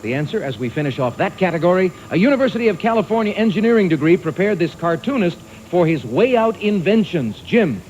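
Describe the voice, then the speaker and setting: A man hosting a quiz show, briskly reading clues and calling on contestants. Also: high-pitched, dull audio. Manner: brisk, lively and animated. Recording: archival TV audio with faint hiss.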